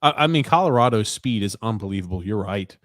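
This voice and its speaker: A man hosting a sports podcast and reacting to a live game in casual chat, animated and teasing his co-host. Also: fairly low pitch, dry recording, clean studio sound. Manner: animated, teasing, quick to laugh. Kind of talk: casual sports commentary while watching a game.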